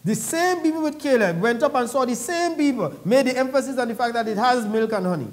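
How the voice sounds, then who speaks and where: Man, high-pitched voice, preacher, church sermon, reads scripture and explains it, asks the congregation questions. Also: fairly quick.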